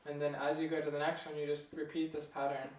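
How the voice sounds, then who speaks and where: A young man giving a casual piano lesson, relaxed and chatty, chuckling at himself now and then. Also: a little high, fast talker, distant mic, noisy background. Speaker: piano teacher. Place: room with a piano. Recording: echoey room, voice off-mic.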